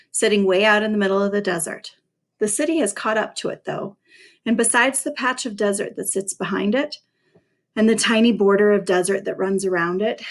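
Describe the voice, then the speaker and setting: A woman reading a first-person novel aloud in a dry, sarcastic voice, stopping now and then to talk to her listeners about it. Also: medium pitch. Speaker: reader.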